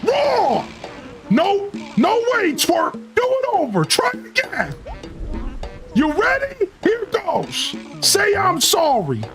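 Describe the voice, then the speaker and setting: A man voicing a grumpy male mole who rants and scolds the player with gruff shouts. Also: extremely high pitch, huge pitch swings, slow, over music, exaggerated voice. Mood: bossy. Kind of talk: reading game dialogue aloud in character.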